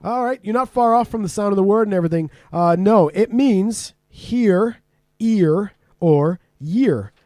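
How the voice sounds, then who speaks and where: A man's voice: sits high, a little slow, dark tone, no room sound, clean studio sound. A man from Canada hosting a casual podcast, laughing often and swearing freely as he quizzes his guest. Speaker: podcast host. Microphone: remote call.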